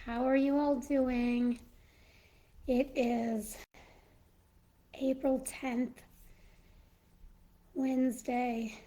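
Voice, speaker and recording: A woman hosting a casual live stream, short of breath and slowed by illness, talking haltingly with many pauses and fillers into a phone. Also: a little high, mellow, low-quality recording. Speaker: live stream host in a Mrs. Claus persona.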